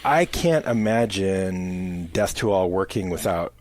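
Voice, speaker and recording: Guy hosting a podcast, kinda low voice, rambly and chill, super dry sound. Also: lively intonation, measured pace, a little mellow, dry recording. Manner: loose, rambling, full of "like" fillers. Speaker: podcast host. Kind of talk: casual chat.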